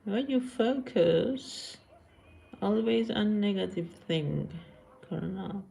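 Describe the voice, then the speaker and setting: A woman's voice: mid-range voice, slow pace, vocal fry, warm tone. A woman live streamer chatting casually with viewers, blunt and scolding, answering comments and switching between languages.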